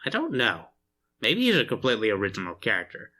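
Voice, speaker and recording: A man co-hosting a casual movie review podcast, easygoing and measured, trailing off at the ends of his sentences. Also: lowish voice, wildly swooping pitch, pushed and bright. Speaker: podcast co-host.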